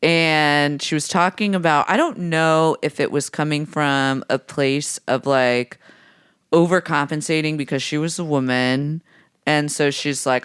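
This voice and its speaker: Sardonic woman podcast host, smooth voice. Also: deep voice, steady tone, unhurried, a bit bright, no echo, clean studio sound. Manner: sardonic, blunt. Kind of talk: casual political chat.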